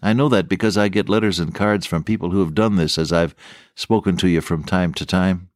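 A man's voice: deep voice, fairly even intonation, a little fast, no room sound, studio quality. An older man preaching a radio sermon, telling stories in a folksy, earnest way.

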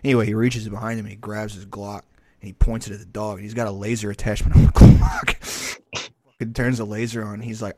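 A man's voice: fairly low pitch, a little fast, mellow. A man co-hosting a podcast, telling a rambling, profanity-heavy story in casual chat. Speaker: podcast co-host.

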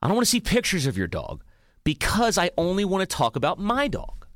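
Young male podcast host, lively swooping delivery, profane mock rant, dry close sound. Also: high-pitched, fairly quick, dry recording. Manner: animated, profane, mock-ranting. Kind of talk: casual comedic monologue.

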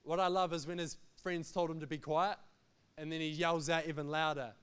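Male pastor, emphatic sermon delivery, higher voice. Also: level tone, brisk, a bit bright, clean tone. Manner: emphatic, repetitive, jokes between points.

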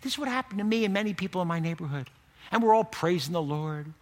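An older man preaching a sermon with lively delivery, breaking into loud bursts and acting out the people in his stories. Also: high voice, quick pace. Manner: animated preaching, acting out quotes with sudden shouted bursts. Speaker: pastor. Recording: echoey hall reverb.

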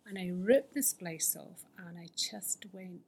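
A woman's voice: lowish voice, unhurried, a little mellow. A woman telling her recovery story to a fellowship, candid and earnest, often sinking to a near-whisper. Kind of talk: personal recovery testimony.

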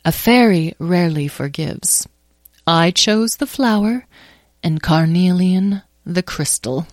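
A woman's voice: lowish voice, slow pace, no room sound, studio quality. A woman voicing a proud, vain and wistful ancient flower fairy in a grand, dramatic manner for a storybook. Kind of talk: storybook character voice.

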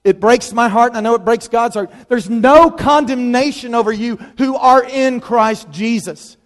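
A man preaching a sermon in a lively, conversational way, leaning on dramatic pauses. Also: very high-pitched. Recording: long reverb of a large hall.

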